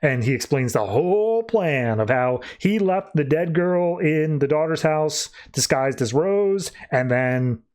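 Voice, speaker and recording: Male podcast host, slightly high voice, loose rambling review talk, filler-heavy. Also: animated, a little slow, hardly any pauses, darkish tone. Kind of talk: casual review chat.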